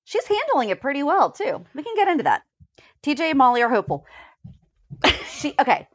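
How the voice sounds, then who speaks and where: Chatty woman podcast co-host, lively pitch. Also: dry recording, highs cut off. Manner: chatty, reads episode headlines in a quick list. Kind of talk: casual recap chat.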